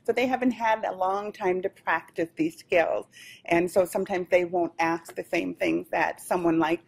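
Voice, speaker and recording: A woman speaking as a panelist, thoughtful and measured, pausing often with fillers. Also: fairly low pitch, steady tone, gravelly, breathy edge. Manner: thoughtful, with frequent pauses and fillers. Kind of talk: panel discussion remarks. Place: training event room.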